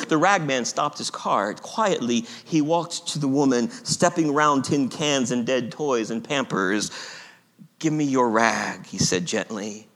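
A man giving an expressive, dramatic story reading, swinging from urgent and loud to hushed and slow. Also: a little high. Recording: long hall reverb.

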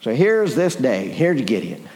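A male preacher telling a story in an animated sermon, often questioning his listeners. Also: mid-range voice, measured pace. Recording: long hall reverb.

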